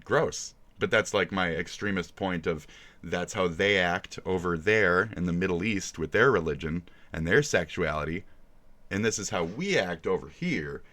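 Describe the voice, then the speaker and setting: Low-voiced man ranting crudely. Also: lively intonation, normal speed, a bit bright. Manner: crude ranting, mocking and swearing. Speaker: streamer. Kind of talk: casual profane reaction stream.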